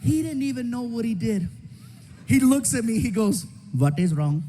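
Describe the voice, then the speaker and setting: A male stand-up comedian telling a story on stage in an animated way, breaking into shouts and character voices. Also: extremely high pitch, normal speed. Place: comedy stage before a live audience. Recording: stand-up recording with audience noise.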